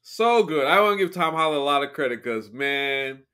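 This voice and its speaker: A man hosting a podcast, chatting casually, enthusiastic and halting as he restarts his sentences. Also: fairly high pitch, animated, pushed and bright, clear, resonant tone. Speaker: podcast host. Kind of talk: casual chat.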